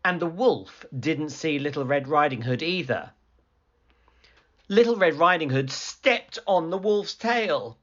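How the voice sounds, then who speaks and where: A man reading a children's picture book aloud as a storyteller, with an expressive, slow storytelling manner. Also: on the high side, lo-fi sound.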